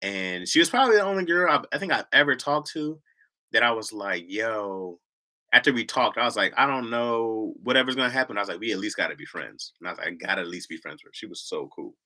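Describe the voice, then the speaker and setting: Animated man with a bright voice. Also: medium pitch, fast talker. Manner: animated, loud mocking voices with lots of laughter. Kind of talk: casual comedic storytelling.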